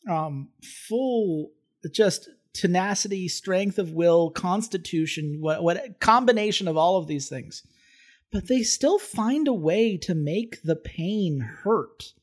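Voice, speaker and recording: A man with a high voice talks films in a casual podcast. He is earnest and analytical, restarting phrases as he builds a point. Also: a little mellow. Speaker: podcast film reviewer. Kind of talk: casual chat.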